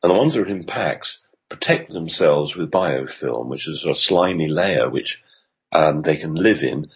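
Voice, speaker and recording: A man with a deep voice and a husky, breathy edge talks as a radio interview guest. He explains at length, pausing often with ums and restarting his sentences. The sound is dull and lo-fi, like a remote line. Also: expressive. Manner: hesitant, with frequent ums and restarts. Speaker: health consultant guest.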